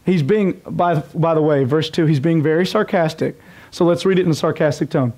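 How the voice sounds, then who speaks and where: A pastor preaching a sermon, reading scripture aloud and breaking off into casual, joking asides. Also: male voice, on the high side, a little fast, darkish tone.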